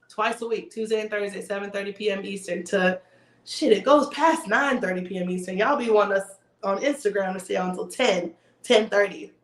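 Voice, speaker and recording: A woman's voice: mid-range voice, fairly bright tone. Chatty woman livestreaming in an echoey room. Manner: chatty, rambling, joking. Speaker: livestream host. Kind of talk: casual livestream chat.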